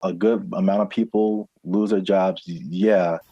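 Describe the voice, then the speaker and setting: A man co-hosting a podcast in casual chat, halting and trailing off as he thinks. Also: sits low, fairly even intonation, warm tone, slightly rough, no room sound, dull audio. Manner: halting, trails off mid-thought. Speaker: podcast co-host.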